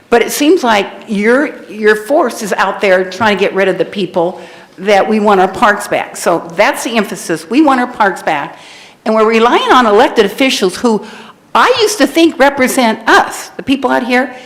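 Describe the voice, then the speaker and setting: A woman speaking at a city council public comment, impassioned and preachy, rambling a little, at a podium microphone in a council chamber. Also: on the high side.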